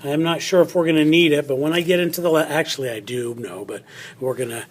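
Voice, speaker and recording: Middle-aged guy teacher doing a phonics lesson, slightly high voice, chatty, thinks out loud. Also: fast talker, slightly rough. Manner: chatty, thinks aloud while cutting and writing.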